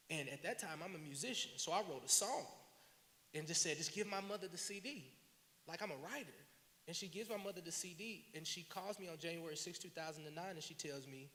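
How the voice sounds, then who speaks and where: A man, a filmmaker guest, telling his story in an animated, slangy and earnest way on a panel at a live event. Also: a little high. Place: large hall at a live event. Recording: reverberant hall, faint hiss.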